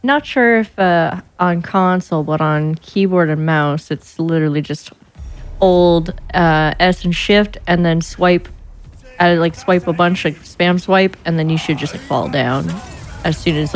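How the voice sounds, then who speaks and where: A woman's voice: low voice, fairly even intonation, moderate pace. A woman co-commentating on a live game run, chatty and laughing often.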